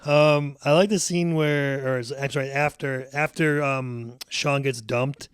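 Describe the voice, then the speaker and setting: A man's voice: medium pitch, fairly even intonation, a little slow, clear, resonant tone, no room sound, studio quality. A man co-hosting a casual movie review podcast, rambling and hesitant as he talks. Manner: rambling, hesitant, many fillers and laughs. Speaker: podcast co-host.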